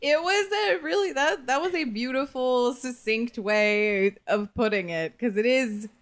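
Podcast co-host, woman, slow, heartfelt, a little high. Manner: earnest, emotional, slow and halting. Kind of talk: casual chat.

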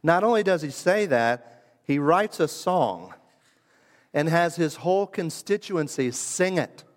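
A man's voice: a little high, animated. Man preaching in a reverberant hall. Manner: emphatic, builds through repeated phrases with deliberate pauses. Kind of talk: sermon.

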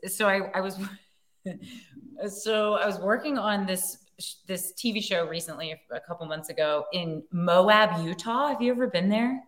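A woman actor as a podcast guest, telling a story in an animated, giggly way with lots of filler words. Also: mid-range voice, unhurried. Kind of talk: casual storytelling chat.

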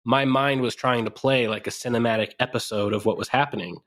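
A man's voice: medium pitch, fairly even intonation, a little fast, a bit bright. A man co-hosting a casual podcast, bantering and laughing often. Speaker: podcast co-host. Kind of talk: casual chat.

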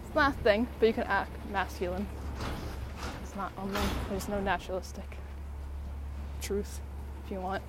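A breathy, out-of-breath woman talks in a loose, rambling way, full of fillers and little laughs, while she walks outside. Her voice sits at an ordinary middle pitch. Steady outdoor noise runs clearly behind her on the phone recording. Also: moderate pace. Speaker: vlogger. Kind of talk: casual rambling talk to camera while walking. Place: outdoors on a walk, birds about.

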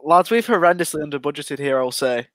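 A man with a voice on the high side talks through his choices at length. He is chatty and full of fillers. His voice is dry and close to the mic. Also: lively intonation, fairly quick, fairly bright tone, no room sound. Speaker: podcast panelist. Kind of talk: casual chat.

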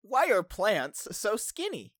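Giggly, lively young man on a podcast. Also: high voice, slow, no room sound, clean studio sound. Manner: teasing, giggly, goofy. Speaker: podcast co-host. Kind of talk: casual banter.

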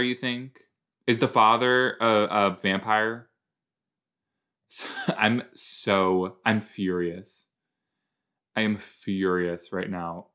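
A man hosting a podcast, reacting to a TV episode in casual watch-along chat, switching between loud outbursts and quiet muttering. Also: lowish voice. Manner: chatty, exclaims loudly then mumbles; talks to himself, quick jumps between soft and loud.

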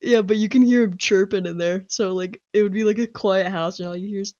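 Animated young woman, dull call audio. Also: medium pitch, fairly quick, dry recording. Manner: animated storyteller, laughs often. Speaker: podcast co-host. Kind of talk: casual chat. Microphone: online voice call.

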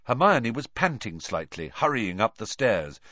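A man narrating an audiobook in a lively, expressive reading style. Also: on the low side, measured pace, no room sound, highs cut off.

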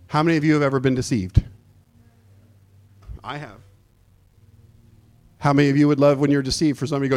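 A man's voice: medium pitch, darkish tone. A male pastor preaching a sermon in an emphatic call-and-response manner, quizzing the congregation.

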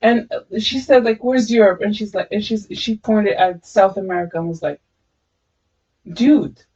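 A woman's voice: medium pitch, a little fast, darkish tone, slightly rough. A woman co-hosting a casual podcast, an amused storyteller who laughs often. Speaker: podcast co-host. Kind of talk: casual chat. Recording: muffled, distant, lo-fi mic.

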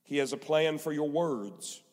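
A man's voice: on the high side, measured pace, darkish tone. A male pastor preaching a sermon, emphatic and repetitive, in a church sanctuary. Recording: long hall reverb.

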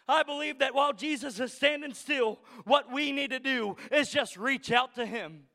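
Young-sounding preacher guy, really high and gravelly, shouting it out in a big echoey church. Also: moderate pace, hardly any pauses. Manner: rising to shouted emphasis, repetitive cadence. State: choked up with emotion at times. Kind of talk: sermon. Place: church sanctuary.

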